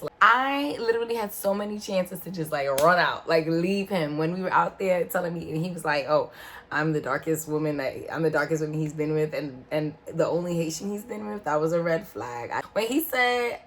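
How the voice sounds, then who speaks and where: Lively storytelling woman, low voice. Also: moderate pace, slight background noise. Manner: animated, exclamatory storytelling with slangy asides. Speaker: vlogger. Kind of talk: casual storytime monologue. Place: indoor room in front of a backdrop.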